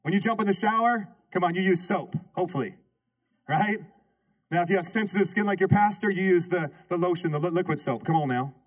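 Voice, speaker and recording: A man preaching a lively sermon as pastor, calling out questions to his congregation. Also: high voice, a little fast, husky. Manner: call-and-response preaching, rhetorical questions to the congregation. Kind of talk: energetic sermon. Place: church sanctuary.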